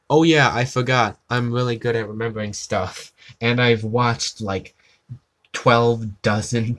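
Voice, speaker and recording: A tired man chatting casually on a live art stream, rambling and self-deprecating, with casual swearing. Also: on the low side.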